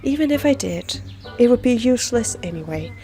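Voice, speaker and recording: A woman's voice: on the high side, lively intonation, a little fast, warm tone, faint music behind, pitched above the performer's own voice. A woman voicing a defeated, rusted tin man in a game, sighing and resigned.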